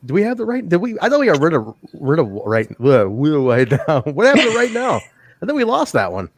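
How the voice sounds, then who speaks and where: A man's voice: on the high side, huge pitch swings, a little fast, no room sound. A man hosting a wrestling podcast in casual chat, laughing often and mimicking the people he talks about. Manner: laughs often, quotes others in put-on voices. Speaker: podcast host.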